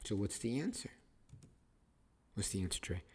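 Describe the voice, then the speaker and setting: A man's voice: fairly low pitch, big pitch swings, moderate pace, darkish tone, slightly rough. A man hosting a podcast, teaching the Bible in casual conversation, emphatic and repetitive, restarting phrases to stress them.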